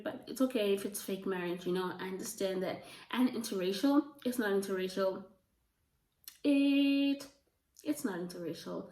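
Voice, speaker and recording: A woman's voice: medium pitch, darkish tone. Chatty woman reviewing books, roomy sound. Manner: chatty, gushing, full of "like" and "um". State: voice going hoarse. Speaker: book reviewer. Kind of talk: casual book review chat. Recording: roomy, from a distance.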